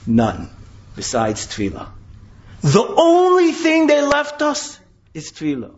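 A man's voice: very high-pitched, huge pitch swings, slow pace, lo-fi sound. A man giving an impassioned sermon, with dramatic rises into questions and Hebrew terms woven in. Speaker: rabbi giving a Torah talk.

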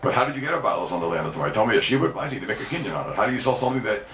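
A man's voice: fairly low pitch, very animated, racing, fairly bright tone. A man teaching Talmud to a congregation as a rabbi, emphatic, asking and answering his own questions and repeating key points. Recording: echoey room mic from far off, faint background noise.

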